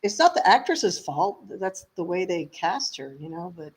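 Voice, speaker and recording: A woman singer being interviewed, telling stories in a lively, chatty way and laughing often. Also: lowish voice, moderate pace, husky. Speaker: singer guest. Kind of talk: casual interview chat.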